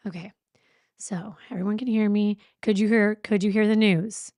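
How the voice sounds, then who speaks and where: A woman's voice: medium pitch, fairly even intonation, normal speed, a little mellow, no echo, clean studio sound. A young woman hosting a true crime livestream in a casual, jittery and anxious way, sighing and breathless. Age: young adult. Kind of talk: nervous casual livestream chat. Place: home streaming setup with a fan running.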